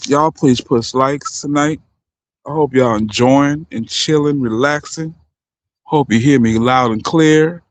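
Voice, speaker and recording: A man's voice: mid-range voice, slow pace, dry recording. A man hosting a livestream, ranting in a heated, profane way and breaking off often to apologize to his viewers. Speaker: livestream host. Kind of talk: unscripted livestream rant.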